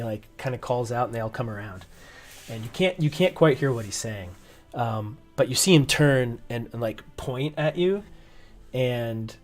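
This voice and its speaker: A game master narrates a tabletop role-playing scene at an ordinary middle pitch. The delivery is loose and rambling. Fillers and restarts pile up as the scene unfolds. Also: darkish tone.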